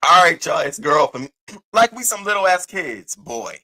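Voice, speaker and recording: A man with a fairly high, bright, forceful voice tells a story on a casual livestream. He swears freely and talks with big animated energy. He acts out the other people in the story as he goes. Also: normal speed. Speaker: host of an online news show.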